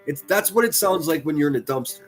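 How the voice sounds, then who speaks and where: A man's voice: a little high, lively intonation, fast, soft background music. A man hosting a livestream, giving crude, sarcastic reaction commentary and mocking what he plays. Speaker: commentary streamer host.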